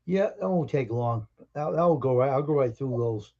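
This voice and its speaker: A man's voice: mid-range voice, expressive, normal speed, dark tone, highs cut off. A man co-hosting a livestream in easygoing, offhand casual chat.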